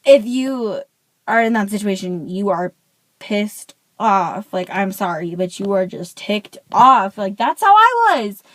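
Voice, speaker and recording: A woman's voice: mid-range voice, a little slow, no echo, poor audio. A teenage girl telling a school story in a casual rant, peppering every phrase with "like.". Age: teens. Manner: chatty, says "like" constantly, animated. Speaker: vlogger.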